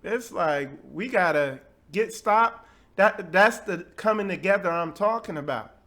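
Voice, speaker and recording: A man's voice: high-pitched, animated, a little slow, pushed and bright. A man hosting a bible teaching webcast, talking loosely and conversationally with plenty of asides. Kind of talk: casual webcast talk.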